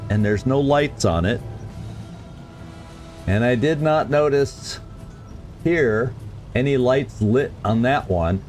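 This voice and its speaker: A man streaming a game, chatting casually and stumbling over tricky words as he reads lore. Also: medium pitch. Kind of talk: let's play commentary.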